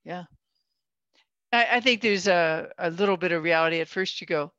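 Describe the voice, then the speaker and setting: A woman's voice: fairly low pitch, normal speed, a bit bright, no echo. A woman in her sixties in casual conversation, telling stories chattily, acting out quotes and laughing often. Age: 60s. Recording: dull dry lo-fi sound.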